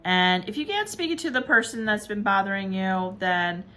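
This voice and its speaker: A woman giving a casual tarot reading, upbeat and encouraging, chatting warmly to her viewers. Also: medium pitch, lively intonation, normal speed. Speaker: tarot reader.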